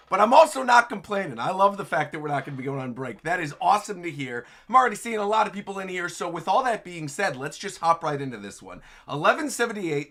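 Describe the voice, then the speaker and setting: A man with a fairly high, bright voice hosts a live reaction stream. His pitch swings widely as he chats with enthusiasm and laughs easily. He comments on each page as he reads it aloud. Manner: enthusiastic, chatty, laughs often. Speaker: livestream host reacting to manga chapters.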